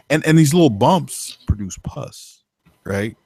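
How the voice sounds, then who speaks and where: A man with a low voice tells a story on a podcast, rambling along and swearing freely. His voice sits close and dry, with no room sound. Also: normal speed, dry recording. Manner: rambling, profane, filler-heavy. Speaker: podcast co-host. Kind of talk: casual storytelling chat.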